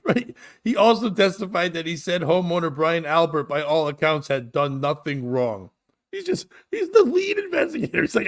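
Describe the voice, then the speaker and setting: Man, host, casual comedic chat, higher voice, very lively pitch, crude mocking humor, laughs a lot. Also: moderate pace. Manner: reads out texts and riffs on them.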